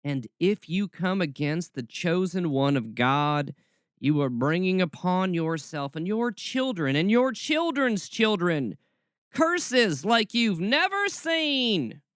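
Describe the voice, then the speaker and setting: A man putting on a slow, sing-song Southern accent to mock a doom-preaching woman prophet. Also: sits high, big pitch swings, fairly bright tone, clean tone, no room sound, clean studio sound, pitched above the performer's own voice, exaggerated voice. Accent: Southern US (put on).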